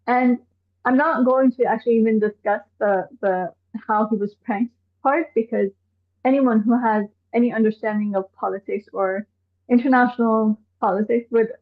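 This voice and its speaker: A woman's voice: on the high side, moderate pace. Exasperated woman on a tinny call. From Iran. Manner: animated, exasperated rhetorical questions. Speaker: activist guest. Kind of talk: live online discussion. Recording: tinny phone-like call audio.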